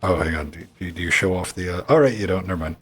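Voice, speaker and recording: A man's voice: low voice, fast, a bit bright, slightly rough, faint music behind. A man co-hosting a live gaming podcast, chatting in an offhand, distracted way while setting up a game. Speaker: podcast co-host. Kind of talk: casual live gaming chat.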